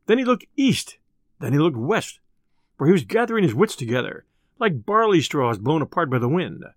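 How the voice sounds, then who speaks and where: A male storyteller with a fairly high voice that rises and falls with great liveliness. His reading is expressive and theatrical, recorded close and bone dry. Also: normal speed, no echo. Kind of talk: scripted narration of a classic tale.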